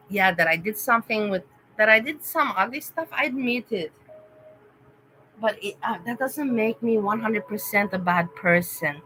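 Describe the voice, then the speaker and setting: Woman streamer, unscripted and emotional, talks straight to her chat in a bright, pushing voice. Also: mid-range voice, a little hiss or hum, rough recording. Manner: rambling and emotional, thanking and addressing chatters by name. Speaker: vlogger chatting with live viewers. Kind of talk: casual livestream chat.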